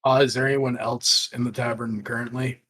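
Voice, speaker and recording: A man's voice: mid-range voice, little pitch movement, brisk, fairly bright tone. A man playing in a tabletop game, plainly describing what his character does. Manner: plain, decisive, describes actions. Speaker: player. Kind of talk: tabletop role-play.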